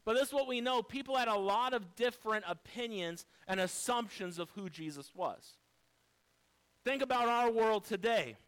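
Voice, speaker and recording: High-voiced, smooth-toned preacher man. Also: animated, moderate pace, fairly bright tone, low-quality recording. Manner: emphatic preaching with rhetorical questions. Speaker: pastor. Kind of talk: sermon.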